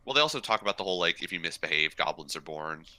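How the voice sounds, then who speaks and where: A man's voice: deep voice, lively intonation, racing, sharp tone. A man co-hosting a podcast, eagerly explaining fantasy lore and recapping an anime in casual chat, swearing freely. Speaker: podcast co-host.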